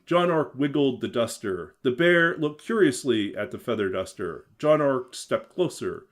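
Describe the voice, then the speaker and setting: A man with a mid-pitched voice tells a bedtime-style fairy tale in a gentle, expressive way, his pitch rising and falling widely from line to line. Between readings he drifts into relaxed, casual chat with his viewers. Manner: expressive, gentle storyteller who swings his pitch a lot. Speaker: game streamer reading his own story. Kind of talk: storybook reading aloud, then casual chat.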